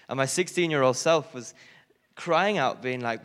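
A man's voice: mid-range voice, normal speed, fairly bright tone. Earnest young man giving a testimony. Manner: earnest, rises with emotion on key points. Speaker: speaker sharing a testimony. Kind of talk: personal testimony sermon.

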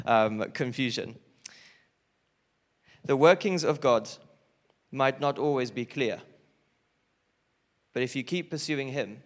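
A young man giving an earnest personal testimony in a church talk, his voice rising when he stresses a point. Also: mid-range voice. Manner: earnest, rises with emotion on key points. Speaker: speaker sharing a testimony.

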